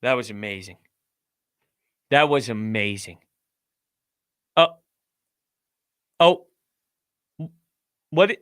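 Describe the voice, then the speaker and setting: A man hosting a casual live-stream reaction, swinging from hushed awe to loud shouts. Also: medium pitch, expressive, drawn-out words, long pauses, dry recording, clean studio sound. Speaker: show host.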